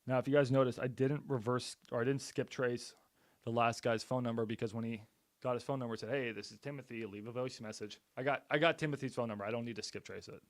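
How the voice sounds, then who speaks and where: A man's voice: medium pitch, steady tone, quick pace, no echo. A man casually commenting on a live stream as he makes cold calls, talking bluntly and upbeat in a salesy way and swearing now and then. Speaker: real estate investor and streamer.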